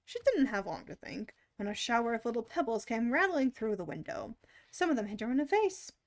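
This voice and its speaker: A woman reading a children's book aloud on a stream in an expressive, animated way. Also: on the high side, brisk. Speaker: storyteller.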